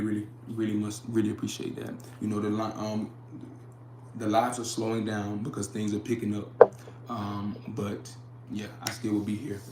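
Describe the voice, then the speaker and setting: A young man hosts a casual livestream in an echoey room with a noisy background, his voice on the low side. He talks earnestly, repeats his phrases, and reads chat comments aloud.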